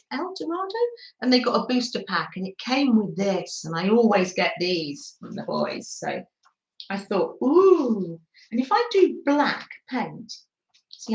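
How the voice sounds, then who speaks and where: A woman's voice: medium pitch, reverberant, rough recording. An English woman hosting a live crafting stream, chatting to viewers in a gushing way with frequent little laughs. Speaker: craft livestream host.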